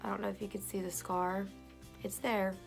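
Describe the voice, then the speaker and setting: A woman's voice: medium pitch, flat delivery, normal speed, vocal fry, soft background music. A young woman telling a personal story in a casual vlog, with many fillers and quoted voices, filmed on a phone. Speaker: vlogger.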